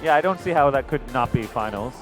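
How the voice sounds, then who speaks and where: A man's voice: medium pitch, animated, fast, music in the background. A man giving live color commentary with dry, wry humor.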